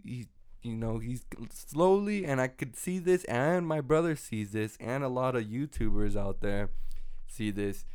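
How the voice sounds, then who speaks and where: A man's voice: mid-range voice, darkish tone, smooth, no room sound, studio quality. Rambling young man in casual chat. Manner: rambling, loses his train of thought. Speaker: podcast co-host.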